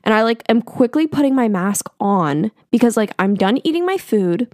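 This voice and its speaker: A woman's voice: medium pitch, fairly quick, few pauses, no echo, clean studio sound. A woman in her twenties telling a story casually on her podcast, chatty and full of "like" fillers. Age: 20s. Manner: chatty, animated, frequent "like" fillers. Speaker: podcast host.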